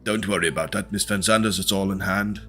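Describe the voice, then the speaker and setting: A man's voice: low-pitched, fairly even intonation, fast, fairly bright tone, soft background music. A man voicing a polite, apologetic lord in a tabletop game, stammering a little. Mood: courteous. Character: courteous, flustered male lord.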